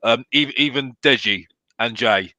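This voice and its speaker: Bloke on a football chat show, bright and punchy, keeps asking "yeah?". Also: male voice, mid-range voice, unhurried, no room sound. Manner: animated, keeps adding "yeah?". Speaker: football podcast guest. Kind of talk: casual chat.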